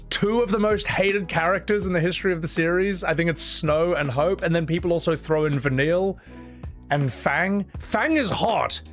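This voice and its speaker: A man's voice: on the high side, a bit bright. Blunt, profane male streamer. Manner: blunt, profane and opinionated, rambling with restarts. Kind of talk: casual live-stream chat.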